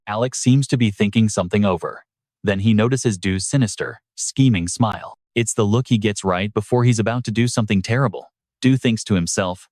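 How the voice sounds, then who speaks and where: A man's voice: lowish voice, brisk, darkish tone, no room sound, clean studio sound. A man narrating a story recap in a dramatic, scripted storytelling manner. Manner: dramatic storytelling with brief voiced quotes.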